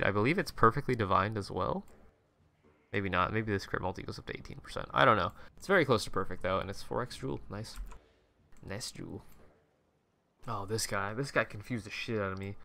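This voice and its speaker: Brief: young male gamer, low gravelly voice with a bright edge, loose, profane commentary, faint music behind. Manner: rambling, swears often, lots of restarts. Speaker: gaming video creator. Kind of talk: casual commentary over game screenshots.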